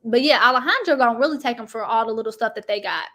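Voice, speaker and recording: Chatty high-voiced woman gossip host. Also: very fast. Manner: animated, chatty, talks to viewers as y'all. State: sniffling from allergies. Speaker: YouTube commentary host. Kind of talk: casual reality-TV gossip chat.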